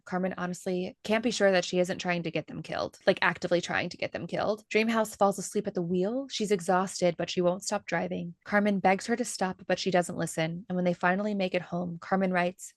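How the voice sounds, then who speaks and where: A woman's voice: fairly low pitch, fairly even intonation, moderate pace, no echo, studio quality. A woman hosting a book podcast, discussing a memoir and reading passages from it aloud. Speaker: podcast host.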